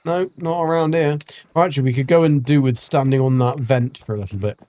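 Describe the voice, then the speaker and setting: A man's voice: mid-range voice, steady tone, a little fast, dark tone, dry recording. A man giving casual, rambling gameplay commentary as a streamer, full of ums and restarts. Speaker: gaming streamer.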